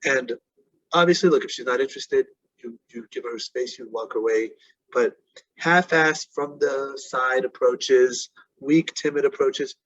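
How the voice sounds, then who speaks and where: Husky guy giving blunt dating tips, swears a lot, kinda muffled audio. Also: medium pitch. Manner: blunt, profane, animated. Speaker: dating coach. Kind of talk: casual advice talk.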